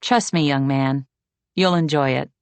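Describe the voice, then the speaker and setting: A woman voicing a genial male watchman who speaks in a slow, easy, relaxed Californian way. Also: deep voice, clean tone, no echo.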